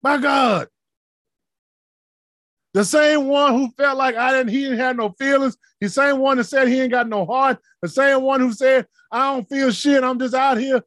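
This is a sermon from a man whose voice sits notably high as he preaches with fervor, swinging from shouts down to murmured asides. His tone stays steady at a moderate pace. The sound is dry and close, with no echo and no room around it.

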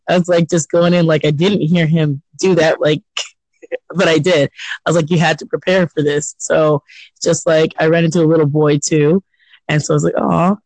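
A man co-hosting a podcast in casual chat, telling animated stories, acting out quotes and laughing often. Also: on the high side, dry recording, poor audio. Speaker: podcast co-host.

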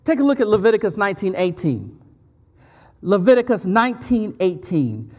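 A man preaching a lively sermon as pastor, repeating phrases and laughing often. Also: high-pitched, moderate pace. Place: church. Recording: church hall with long reverb.

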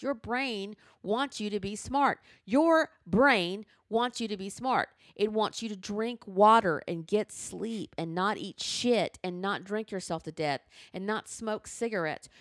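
A woman's voice: medium pitch, no room sound, clean studio sound. A woman co-hosting a podcast, ranting with profanity in casual chat. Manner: animated, profane ranting storyteller. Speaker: podcast co-host.

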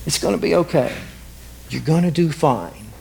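A man quoting a folksy, gently joking old woman with homespun sayings, spoken slowly and tenderly. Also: a little high, expressive, creaky, slight background noise. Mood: fond.

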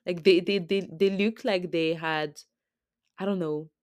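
A woman's voice: fairly low pitch, fairly even intonation, a little slow, a little mellow, dry recording. A woman podcast host with a French accent, rambling through a casual recap full of filler words. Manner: rambling, chatty, heavy use of filler words.

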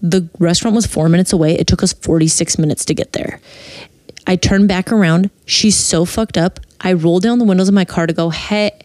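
A woman's voice: lowish voice, a little fast, no room sound. Midwestern woman storyteller, casual, swears a lot, dry close sound. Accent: Midwestern American. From Wisconsin. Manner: animated, quotes people, frequent "like" and swearing.

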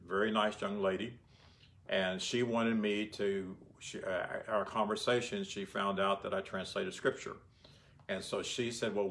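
A man with a fairly low voice teaches scripture in a relaxed, conversational way. He keeps checking in with his listeners through rhetorical questions as he explains his readings. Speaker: Bible teacher. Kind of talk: informal Bible teaching.

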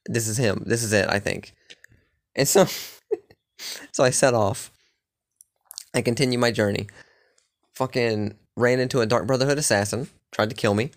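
A man talks through his latest session of a fantasy game in a loose, rambling way. He curses often and leans on filler words, at an ordinary middle pitch. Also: normal speed, long pauses. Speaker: gamer recapping a playthrough. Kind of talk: casual chat.

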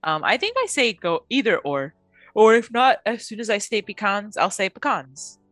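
A woman's voice: medium pitch, sing-song, normal speed, fairly bright tone, no room sound, faint music behind. A woman co-hosting a casual podcast, playful and giggly, teasing her co-host. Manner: playful, giggly, mock-voices words. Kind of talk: casual chat.

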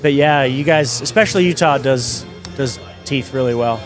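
A man's voice: mid-range voice, moderate pace, soft background music. A man with a British accent, chatting casually as a podcast co-host and telling self-mocking stories. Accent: British English. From Britain. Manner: lively storyteller, self-mocking. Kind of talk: casual chat.

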